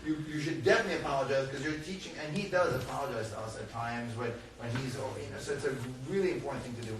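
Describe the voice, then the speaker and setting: A man speaking as a guest at a parenting talk, telling a lively personal story to a live audience and acting out the voices in it. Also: medium pitch, rapid-fire. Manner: animated, laughing, acts out voices in his stories. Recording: echoey hall, far mic, crowd noise.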